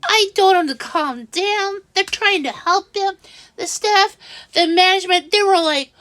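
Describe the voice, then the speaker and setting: A high-pitched woman recounts a story to her viewers at an unhurried, halting pace, often stopping to restart her sentences. Her exasperation keeps breaking through. The sound is dry and close, with no room around it. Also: fairly bright tone, no echo. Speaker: vlogger. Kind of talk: casual storytelling vlog.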